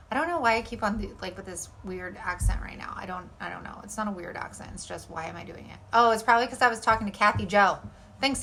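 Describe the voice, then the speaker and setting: Bright, bubbly woman DIY vlogger. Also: medium pitch, slight background noise. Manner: bubbly, rambling, lots of "like" and "y'all". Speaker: DIY craft channel host. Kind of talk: chatty craft tutorial voice-over.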